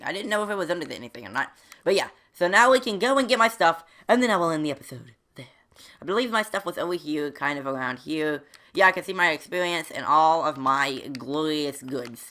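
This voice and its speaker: A woman's voice: low voice, lively intonation, a little fast, fairly bright tone. A woman giving rambling let's play commentary as a gaming channel host, talking to herself as she plays and breaking into sudden squeals and yelps. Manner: chatty, rambling, talks to herself while playing.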